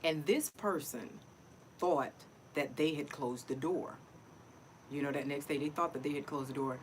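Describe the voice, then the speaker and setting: Middle-aged woman, low voice, rambling heartfelt vlog talk, noise behind her. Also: moderate pace, rough recording. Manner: chatty, emotional, repeats herself. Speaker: vlogger. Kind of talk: casual personal vlog.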